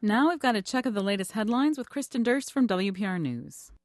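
A woman radio host speaks in a dry, close studio sound with a mid-range voice. She keeps an easy conversational pace and reads call-in details clearly. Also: medium pitch, brisk, darkish tone, dry recording. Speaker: radio talk show host. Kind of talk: public radio interview and hosting.

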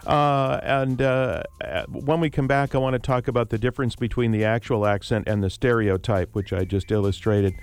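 A middle-aged man hosting a public radio talk show, speaking conversationally with careful, clear diction. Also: on the low side, steady tone, brisk, few pauses, a little mellow.

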